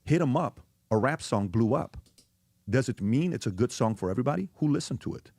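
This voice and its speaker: A man's voice: mid-range voice, expressive, fairly quick, darkish tone, no room sound. Emphatic man in a dry-sounding interview clip. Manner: emphatic, rhetorical questioning. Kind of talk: interview conversation.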